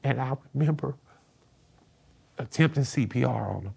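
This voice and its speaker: A man's voice: medium pitch, normal speed, vocal fry, a little mellow, breathy edge. A middle-aged man, a guest in an interview, telling a personal story in a plain-spoken, earnest way and swearing casually.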